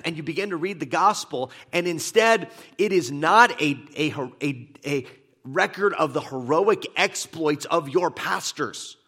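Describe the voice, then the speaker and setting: A man preaches a sermon in a church, his voice sitting a bit high. He talks in a chatty, animated way, slipping into quick acted-out asides. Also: breathy edge. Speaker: pastor. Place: church hall.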